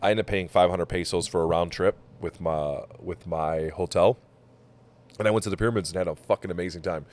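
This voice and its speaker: Deep-voiced man telling travel stories. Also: brisk. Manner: animated storyteller, swears, acts out quotes. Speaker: podcast host. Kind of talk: casual chat, travel storytelling.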